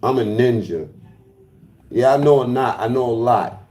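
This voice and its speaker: Guy on a livestream talking trash to chat, mellow low-key tone, swears a lot. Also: moderate pace, echoey room, slight background noise. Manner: taunting, profane, trash-talking. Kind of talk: casual livestream talk to chat.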